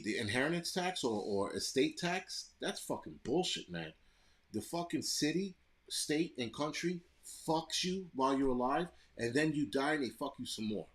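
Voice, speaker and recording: Brief: American man, mid-pitch, profane live-stream host, blunt ranting. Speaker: livestream host reading chat. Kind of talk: profane casual live chat.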